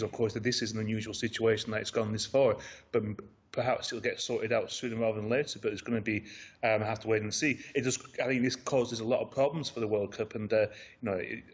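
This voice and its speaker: A man giving football punditry on a radio phone-in, speaking in a measured, hesitant way with many pauses. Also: mid-range voice, slightly rough, dull audio. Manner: hesitant, measured, lots of ums.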